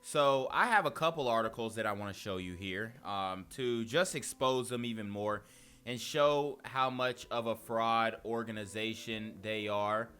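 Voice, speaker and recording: A man's voice: fairly low pitch, unhurried, bright, forceful tone, clean tone. A young man hosting casual reaction commentary, slangy and often laughing. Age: young adult. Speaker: commentary host.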